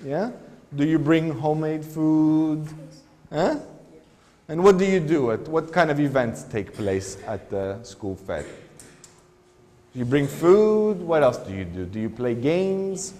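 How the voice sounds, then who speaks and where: A man's voice: on the high side, animated, takes it slowly, a little mellow, big-room sound. A man teaching an English lesson in a school classroom, patiently asking the class one question after another. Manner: patient, asks many questions.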